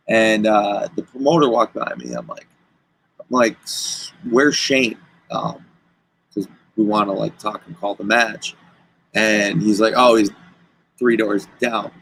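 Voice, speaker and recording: A man's voice: on the low side, unhurried, creaky, pauses often, a little hiss or hum, rough recording. A man, a guest wrestler, telling stories in casual chat and acting out the lines of the people in them. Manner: animated, acts out quoted dialogue.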